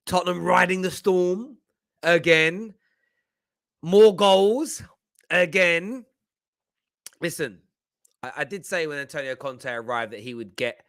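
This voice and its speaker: Animated man reacting to football. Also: on the high side, clear, resonant tone, no room sound. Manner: animated, jokey, reads out viewer comments. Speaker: football channel host. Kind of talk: live post-match reaction stream.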